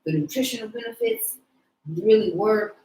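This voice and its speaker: A woman's voice: medium pitch, moderate pace, dark tone, reverberant, poor audio. A woman in her forties hosting a podcast in frank, slangy casual chat, laughing often. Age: 40s. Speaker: podcast host.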